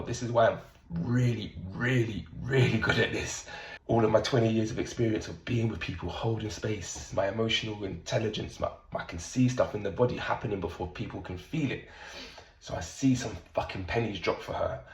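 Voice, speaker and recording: A middle-aged man talking through a casual stream-of-consciousness monologue as a somatic coach, blunt and animated, swearing often. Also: on the low side, brisk, reverberant, poor audio.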